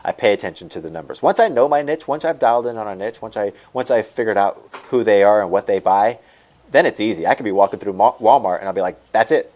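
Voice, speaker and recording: A man runs a screen-share lesson for people selling online, moving along at a quick clip in a fairly low voice. He rambles, stumbles over his own words and repeats himself while he talks straight to his viewers. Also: darkish tone. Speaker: online store coach.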